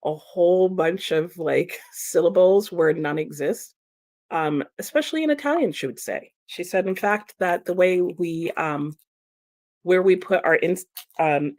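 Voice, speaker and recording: A woman's voice: on the low side, moderate pace, darkish tone. A young woman chatting casually on a livestream, reading viewer comments aloud and laughing often. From United States. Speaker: streamer and book vlogger.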